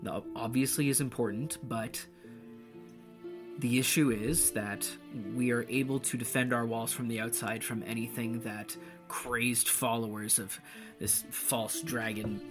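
A stern guard captain for a fantasy tabletop game, voiced by a man who weighs each word. He speaks formally and cautiously at a middling pitch, with soft music under the table talk. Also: fairly even intonation, a little slow, lightly acted. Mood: grave. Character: stern pragmatic male city guard captain.

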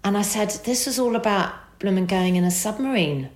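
A woman's voice: medium pitch, brisk. A woman, a guest telling a personal story in conversation and acting out the lines people said to her. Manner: expressive, acts out remembered dialogue. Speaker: interview guest. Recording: roomy echo.

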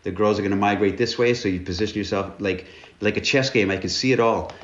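A man's voice: lowish voice, fast. A man, a guest author, telling stories candidly and earnestly in an interview. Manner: earnest, candid, with repeated words. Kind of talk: conversational interview storytelling. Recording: roomy, dull-sounding recording.

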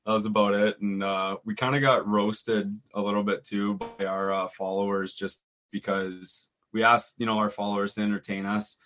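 Low-voiced young man telling stories. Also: level tone, moderate pace, fairly bright tone. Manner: rambling, laid-back storytelling with many "like"s and restarts. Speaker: hockey player, co-host. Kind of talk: casual group chat.

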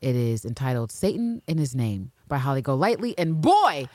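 A woman co-hosting a podcast, recapping a drama episode in quick, animated, profane casual chat. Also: extremely low pitch, no echo. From New York City. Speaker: podcast co-host.

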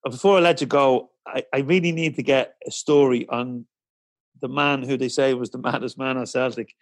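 A male interviewer with a gravelly, creaky voice speaks plainly and directly. The sound is dry and close, with no room echo. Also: medium pitch, steady tone, normal speed. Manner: direct and conversational. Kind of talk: casual interview.

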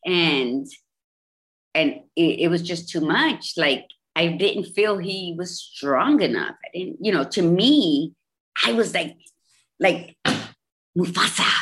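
A low-pitched woman in her fifties talks openly as an interview guest. She tells her story with emphasis, repeating phrases to drive her points home. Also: slow. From Bridgeport, Connecticut, US. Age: 50s. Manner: emphatic, repetitive, animated storytelling. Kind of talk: candid personal interview.

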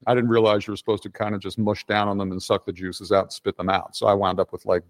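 A man's voice: on the low side, little pitch movement, fast talker. Blunt, profane middle-aged man. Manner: blunt and profane, with frequent restarts. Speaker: guest. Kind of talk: casual podcast conversation.

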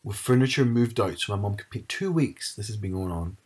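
A man's voice: fairly low pitch, brisk, breathy edge. A man, chatting casually and animatedly retelling a story. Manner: animated storyteller, mimics his mum.

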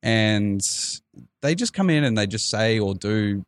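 A low-voiced man hosts a podcast in loose, casual chat. He rambles through his stories and swears freely. The mic sound is dry and close, with no room echo. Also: expressive, unhurried, clean tone. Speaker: podcast host.

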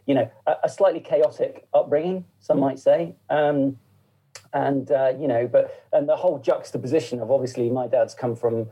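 Man, middle-aged, husky, dark, meandering casual talk. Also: mid-range voice, steady tone, normal speed, poor audio. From England. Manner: rambling, full of fillers and asides. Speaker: podcast guest. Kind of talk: casual interview chat.

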